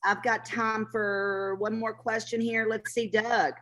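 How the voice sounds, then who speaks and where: A woman's voice: a little high, little pitch movement, unhurried. Woman hosting a live webinar. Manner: warm, calls callers hon and honey. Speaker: webinar host.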